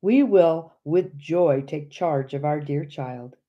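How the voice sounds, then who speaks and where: A woman reading a kindly father in an audiobook, who speaks to his daughter tenderly and reassuringly. The voice is mellow and slow. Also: low voice, lo-fi sound.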